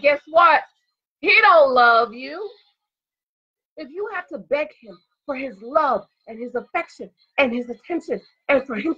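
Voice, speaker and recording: A woman giving dating advice in an emphatic, sassy, preachy monologue, hitting her punchlines hard. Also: muffled recording. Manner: emphatic, sassy, repeats a punchline with rising pitch.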